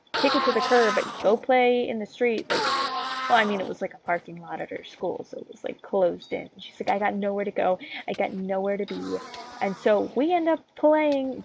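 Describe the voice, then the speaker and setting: A teenage girl telling a story in a loose, rambling rant, full of "like" and "um" and sudden tangents. Her voice sits at an ordinary pitch for her age. Loud background noise and clicking run under the whole recording. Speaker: vlogger. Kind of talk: casual rant.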